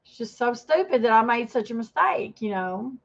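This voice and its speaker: This livestream host, a woman in her fifties, has a fairly high, expressive, creaky voice at a moderate pace. She rambles through a defensive rant and turns aside to say hello to people in the chat, all over dull lo-fi stream audio.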